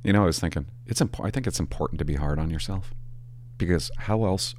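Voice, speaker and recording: A man, a former police officer telling stories in a casual, animated and profane way. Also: low-pitched, fast, a little hiss or hum. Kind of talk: casual storytelling to camera.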